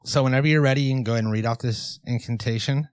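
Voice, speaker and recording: A man co-hosting a comedy podcast, talking in a deadpan, mock-serious way with lots of fillers. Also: medium pitch, very fast, dry recording. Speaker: podcast co-host. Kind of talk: casual comedic podcast chat.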